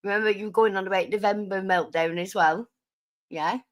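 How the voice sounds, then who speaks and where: A woman's voice: medium pitch, fairly even intonation, a little fast. Sarcastic woman streamer, swears a lot, reads out chat names. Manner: combative, sarcastic, reads super chats. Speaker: livestream host. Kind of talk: livestream commentary.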